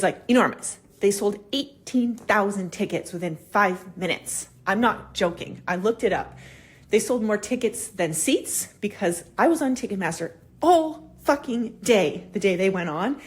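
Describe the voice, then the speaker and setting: Hosting her own laid-back podcast alone, a thirtysomething woman swears freely and animatedly performs the conversations she quotes. Her pitch is medium and her speed normal.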